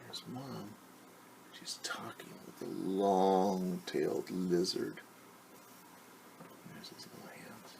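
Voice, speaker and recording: Slow gravelly teacher reading aloud. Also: male voice, low voice, fairly even intonation, a little hiss or hum. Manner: gentle, hushed, often drops to a whisper; explains new words simply. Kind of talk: reading a picture book aloud to children.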